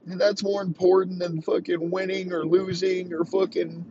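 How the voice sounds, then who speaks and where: A man's voice: high-pitched, little pitch movement, normal speed, dull audio, noisy background, voice pushed up. A man voicing a smug, preachy male league boss who lectures a star player with mocking profanity. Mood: smug lecturing.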